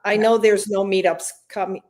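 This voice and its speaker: Brief: female caller, friendly chatty, mid-pitched. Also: level tone, normal speed, a little mellow. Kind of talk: casual chat.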